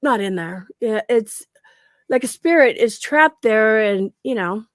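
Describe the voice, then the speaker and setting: A woman with a fairly high voice recounts her paranormal encounters in a lively podcast chat. She acts out what people said and laughs often. The sound is close and dry. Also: a little slow, no echo. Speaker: guest paranormal researcher. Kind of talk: casual storytelling on a podcast.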